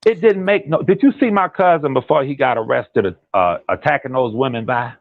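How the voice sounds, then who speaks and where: A man, a guest on a call-in commentary chat, talking in an animated, repetitive and emphatic way. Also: medium pitch, a little fast, creaky, no echo. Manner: animated, repetitive and emphatic, drops into imitated quotes. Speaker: guest on a commentary channel, relative of a defendant. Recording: tinny phone line.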